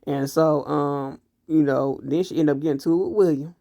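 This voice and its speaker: A man recapping a TV series episode in casual, animated commentary, blunt and full of profanity. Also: fairly high pitch, moderate pace, creaky, no room sound, clean studio sound. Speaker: TV show reviewer.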